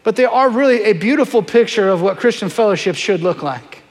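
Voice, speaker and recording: A middle-aged male pastor with a high voice delivers an animated, story-driven sermon, slipping into voices as he acts out the scene. His voice rings with the long reverb of a large hall. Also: brisk.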